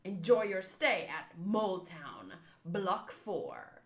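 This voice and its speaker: A woman's voice: lowish voice, sing-song, slow pace, reverberant, a little hiss or hum, voice pushed down, exaggerated voice. A woman voicing a crazed, bossy mole woman villain who shrieks insults. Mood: taunting. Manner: screeching insults, frantic.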